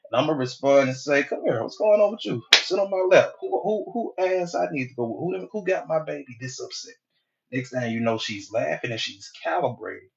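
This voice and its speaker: A man's voice: on the high side, vocal fry, fairly bright tone. Casual motivational man, slightly dull audio. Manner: casual, preachy, acts out quoted characters. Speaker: hypnotherapist and motivational speaker. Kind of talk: motivational talk to viewers.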